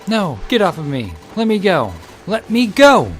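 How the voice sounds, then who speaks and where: A man voicing a terrified young woman in a game reading, shrieking in falsetto and then speaking in a trembling hush. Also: flat delivery, moderate pace, soft background music. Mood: hysterical screaming.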